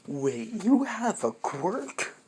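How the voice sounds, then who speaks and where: A narrator voicing a brash, crude teenage boy in a fan story, speaking slowly. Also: mid-range voice, a bit bright, a little hiss or hum. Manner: blunt, crude.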